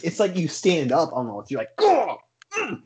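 A man co-hosting a podcast, explaining things in an animated way and acting out his reactions during casual banter. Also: on the high side, fairly quick, husky. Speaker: podcast co-host.

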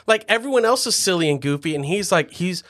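A man with a high voice that swings widely and never sits still. He hosts a casual movie-chat podcast, excitable, laughing often and swearing freely along the way. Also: fast. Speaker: podcast host.

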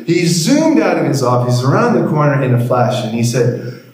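A man's voice: medium pitch, sing-song, normal speed, a little mellow. A male pastor preaching a sermon, telling a story with dry humor, recorded in a church hall. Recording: heavy room echo.

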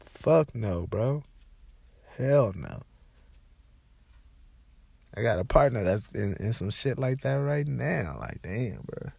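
A man's voice: mid-range voice, takes it slowly, gravelly, long pauses, breathy edge, no room sound. Stuffed-up man ranting casually. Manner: loose, profane, animated storytelling. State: stuffed up, congested. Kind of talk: casual profane rant.

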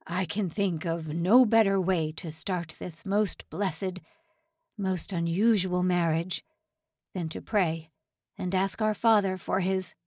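A woman voicing a calm, kindly old male pastor in an audiobook, speaking gently and piously. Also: fairly low pitch, slow pace, no room sound, studio quality. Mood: tender.

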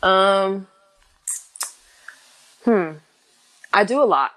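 A young woman appears as an interview guest, talking candidly with lots of fillers and restarts, and she turns lively whenever she quotes other people. Her voice sits in the mid range, and the recording quality is poor.

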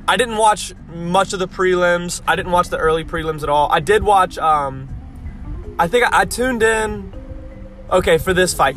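A young man with a bright, forceful, slightly high voice rants bluntly and swears freely, rambling through fillers. He stops to sound out tricky names letter by letter, with faint music in the background. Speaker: fight-sport vlogger. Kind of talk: casual profane rant.

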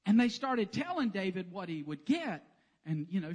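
Animated joking preacher man. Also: high voice, moderate pace, breathy edge. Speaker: pastor. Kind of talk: sermon. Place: church sanctuary.

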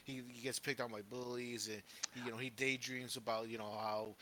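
A man co-hosting a casual podcast, telling a favorite film story in a rambling, excited way with lots of fillers and swearing. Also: medium pitch, a little fast. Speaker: podcast co-host.

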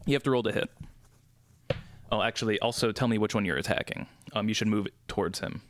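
Low-voiced young dungeon master explaining rules. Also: male voice, fast talker. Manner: relaxed, explains rules with many fillers. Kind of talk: running a tabletop game, casual.

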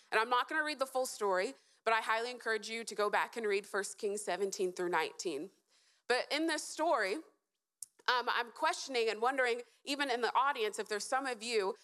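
A woman's voice: a little high, fairly bright tone. A woman giving a short, earnest sermon to a live audience, asking them questions and encouraging them. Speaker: speaker at a church event.

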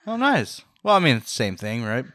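A man's voice: medium pitch, big pitch swings, a little fast, sharp tone, dry recording. A man co-hosting a podcast in casual chat, cracking dry, teasing jokes. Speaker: podcast co-host.

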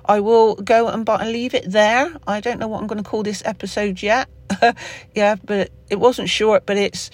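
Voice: mid-range voice, no room sound. A podcast host with a Somerset accent talking off the cuff in a solo episode, rambling with lots of fillers and restarts. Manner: rambling, with many fillers and self-corrections. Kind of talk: unscripted solo podcast monologue.

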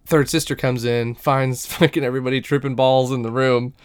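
A man co-hosts a casual podcast, recapping an episode in an animated, profane way. His voice is smooth and resonant at a mid pitch, and he slips into quick impressions of the characters. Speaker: podcast co-host.

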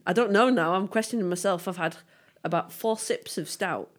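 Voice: medium pitch, normal speed. Playful teasing podcast co-host. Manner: playful, teasing, puts on silly voices. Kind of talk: casual chat.

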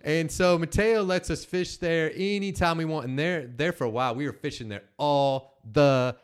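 A man in his forties hosting a podcast, telling a story with teasing, animated banter. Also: fairly high pitch, moderate pace, smooth. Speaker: main host.

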